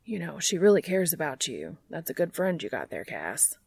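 A woman reading fan fiction aloud and voicing a guarded, teasing young man in a low, hushed, wry tone. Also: sing-song, normal speed, gravelly, breathy edge, dry recording, heavily acted.

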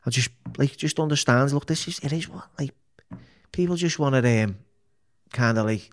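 A middle-aged man with a mid-range voice speaks at normal speed as a podcast guest, candid and blunt, swearing freely and often restarting his sentences in this interview.

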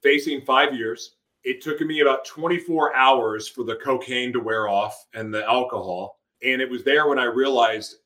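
A man's voice: medium pitch, moderate pace, bright, forceful tone. A middle-aged man, an author and interview guest, telling his personal story with feeling and acting out his own past outbursts.

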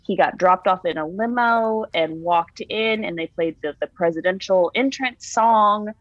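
A young adult woman, an interviewee recounting a personal story, animated as she retells it. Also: medium pitch, a little slow, dry recording. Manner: animated retelling, voices her own past words. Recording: dull lo-fi sound.

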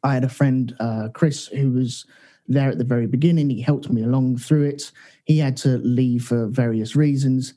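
A man's voice: mid-range voice, steady tone, moderate pace, warm tone. A man guesting on a podcast in casual chat, joking and self-deprecating. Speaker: podcast guest, co-host of another show.

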